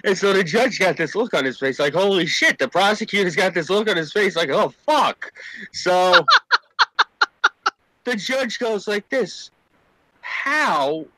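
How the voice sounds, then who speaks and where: A man's voice: high-pitched, expressive, unhurried, sharp tone, rough recording. A man casually telling a story among friends, acting out the voices of the people in it and swearing freely. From New York State. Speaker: podcast co-host.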